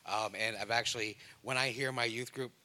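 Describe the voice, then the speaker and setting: A man's voice: medium pitch, steady tone, a little fast, bright, forceful tone. A man, a youth pastor from Pennsylvania, asking a question from the audience in an earnest, grateful way.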